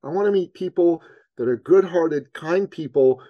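A man, a business coach, telling a personal story on a podcast in an earnest, animated way that leans on his faith. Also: a little high, normal speed, dry recording, dull audio. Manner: animated storyteller, acts out his own panic.

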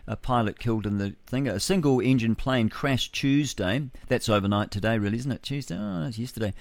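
A man's voice: medium pitch, a little fast, gravelly, no room sound. A man hosting solo breakfast radio, musing aloud and reading news with chuckling rhetorical asides. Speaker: radio host. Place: home studio with a window.

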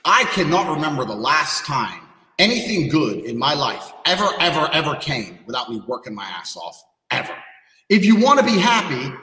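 A man's voice: a little high, sing-song, moderate pace, pushed and bright. A man ranting bluntly on a podcast, brash and profane, bragging about himself. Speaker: guest, kickboxing champion. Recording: echoey room with long reverb.

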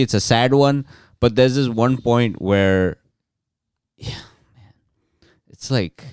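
A man's voice: fairly low pitch, takes it slowly, pauses often, clean tone, no echo, clean studio sound. A man in casual podcast chat, telling a long rambling story with restarts and crude jokes.

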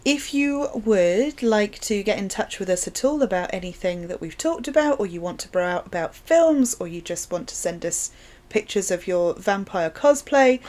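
A woman with a mid-range voice co-hosts a relaxed film podcast. She is chatty and playful, teases her co-host and rounds off the show with easy sign-offs. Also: mid-range voice. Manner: chatty, playful, quick to laugh. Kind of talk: casual film discussion.

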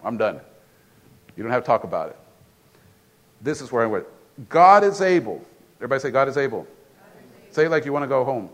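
A man's voice: mid-range voice, expressive, racing, pauses often. A man preaching a sermon in a church in a casual, conversational way, often repeating and restarting phrases. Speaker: pastor.

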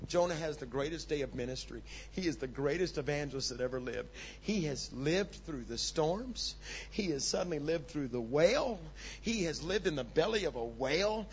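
A man preaching a sermon, swinging from low, hushed asides to loud, urgent peaks. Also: lively intonation, normal speed, muffled recording, slight background noise. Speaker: pastor.

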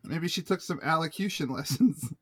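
A man's voice: on the high side, moderate pace, a bit bright, breathy edge. Canadian man telling rambling stories. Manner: rambling storyteller, self-deprecating. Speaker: podcast co-host. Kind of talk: casual chat.

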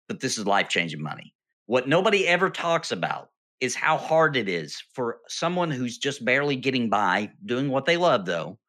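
A man with a bright, forward voice chatting casually among friends. He tells animated stories and keeps asking "right?" to pull the listeners along. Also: fairly low pitch. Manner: animated storytelling, peppers speech with "right?". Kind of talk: casual chat.

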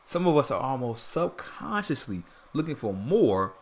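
A man's voice: medium pitch, very animated, normal speed. A man preaching on a sermon podcast, earnest and mixing scripture with casual asides and repeated phrases.

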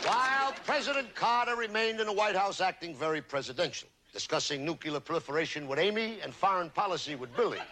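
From an archival TV broadcast, a man delivers a punchy stand-up monologue in a high, sharp voice, speaking fast with lively intonation and hardly any pauses. His punchlines rise, and the noisy recording carries an audience's laughter.

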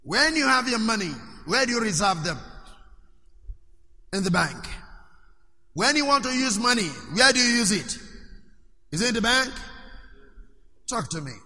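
A male preacher with a high, very bright and ringing voice. He keeps asking his congregation questions and prompting them to answer. His voice carries a long reverb from a church hall. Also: animated, moderate pace, pauses often. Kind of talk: sermon.

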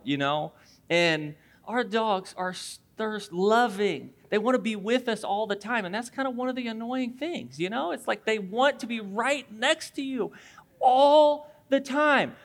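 A man's voice: sits high, fairly bright tone. A male pastor in his thirties preaching a sermon in a conversational way, telling a family story and acting out little voices along the way.

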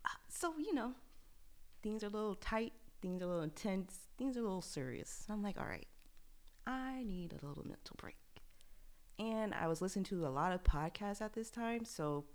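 Her low, creaky voice carries a personal tale as she co-hosts a podcast. She laughs and bubbles along, then falls nearly to a whisper through the sorrowful parts.

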